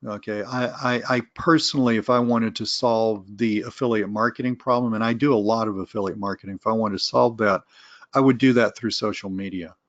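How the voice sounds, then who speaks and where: A middle-aged man with a lowish voice hosts a casual live webinar Q and A, thinking aloud through rambling answers full of restarts and candid asides. The sound is dry and a little dull, like lo-fi webinar audio. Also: fairly even intonation, brisk, no echo. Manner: candid, self-aware asides. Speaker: webinar host answering viewer questions.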